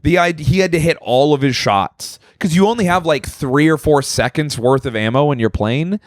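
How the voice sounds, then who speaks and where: A young man co-hosting a podcast, telling stories in a profane, animated way and acting out quotes in casual chat. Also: a little high, moderate pace, no echo, clean studio sound. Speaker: podcast co-host.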